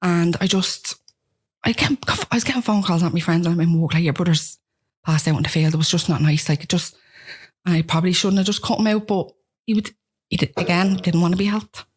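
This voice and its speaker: A woman's voice: lowish voice, fairly quick, husky. A young woman with a Dublin accent, speaking frankly as an interview guest about family, in a chatty conversational way. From Ballymun, Dublin, Ireland. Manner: frank, with frequent "like" and restarts. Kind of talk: candid conversational storytelling.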